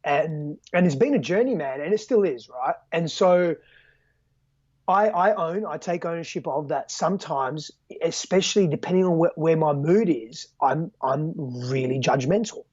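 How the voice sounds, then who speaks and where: Over a dull, lo-fi video call, an Australian guest coach talks candidly on a podcast, earnest and reflective, swearing casually and often adding "right?" or "man." His high-leaning voice is expressive and husky with a darkish tone, at a normal speed. The recording is dry.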